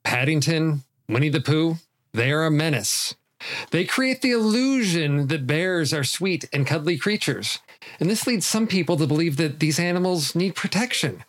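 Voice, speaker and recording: A man's voice: fairly high pitch, animated, normal speed. A man co-hosting a casual film podcast, earnest, often restarting and repeating words. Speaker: podcast co-host.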